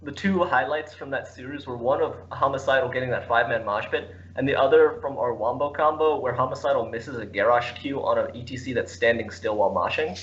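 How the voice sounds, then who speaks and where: A man's voice: medium pitch, a little fast, hardly any pauses, fairly bright tone, dull audio. A man, an esports player guest, chatting casually, often laughing and restarting his sentences. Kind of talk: casual chat.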